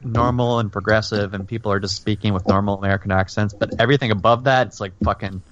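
A man's voice: fairly low pitch, fast. A man from Florida chatting casually on a podcast, swearing often and filling his talk with "like". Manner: animated, profane, lots of "like". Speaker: podcast host. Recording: lo-fi dull sound.

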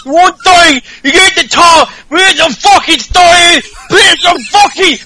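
A man voicing a furious female wrestler in a garbled, deliberately unintelligible shouting rant. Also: extremely high pitch, background noise, voice pushed up.

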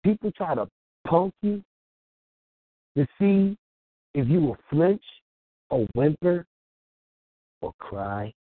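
His fairly high voice swings widely in pitch as he takes it slowly, pausing often. Calling into an internet radio show by phone, the small business owner tells a story with chuckles, voices the other people in it, and then gives advice, all on a tinny, dry line.

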